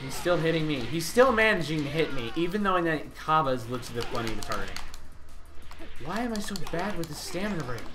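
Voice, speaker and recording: Excitable young man yelling gameplay commentary. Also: a little high, fairly quick, over music. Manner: excitable, yelling taunts at enemies. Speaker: gaming channel host.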